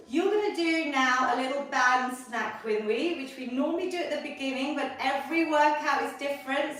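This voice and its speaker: A woman's voice: sits high, fairly bright tone. A middle-aged woman, leading a live online workout class for seniors as a fitness instructor, upbeat and encouraging as she counts down the reps. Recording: very echoey room, voice from far off.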